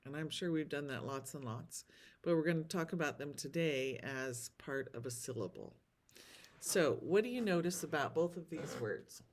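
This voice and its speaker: A woman teacher giving a recorded lesson, sounding out words slowly and carefully. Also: deep voice, expressive. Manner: slow, drawn-out word sounding.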